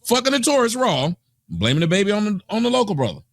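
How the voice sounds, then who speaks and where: Brief: high-pitched American man, lively swooping delivery, dry close sound, profane scornful reaction host. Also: quick pace, no echo. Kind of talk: ranting reaction commentary.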